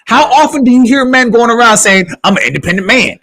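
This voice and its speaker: A man with a high, very lively voice co-hosts a podcast and holds forth in casual, opinionated chat. He hammers his points home, repeating phrases and tripping over restarts as he goes. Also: fast. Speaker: podcast co-host.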